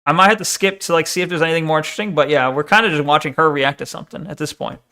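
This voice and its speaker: A male streamer chatting casually while reacting to a video, with a high voice. His tone is bright, and he swears and laughs freely. When he gets excited, he trips into stammers. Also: racing. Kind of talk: casual chat.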